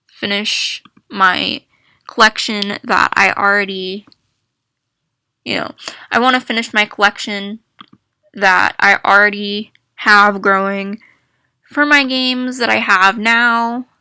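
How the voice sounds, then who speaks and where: A young woman chatting casually to viewers about video games, rambling and restarting phrases, with bursts of excited exclamations. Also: mid-range voice, clear, resonant tone, dry recording, studio quality. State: hiccups. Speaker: gaming vlogger.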